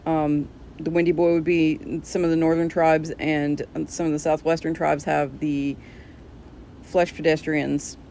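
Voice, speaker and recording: A woman's voice: sits low, level tone, unhurried, warm tone, a little hiss or hum. A woman, a self-described granny witch, giving a blunt, exasperated casual rant to her viewers.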